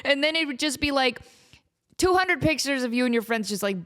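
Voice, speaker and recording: A woman in her thirties hosting a podcast in casual chat, animated and joking at her own expense. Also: high voice, a little fast. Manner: animated, self-mocking, joking. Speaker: podcast host.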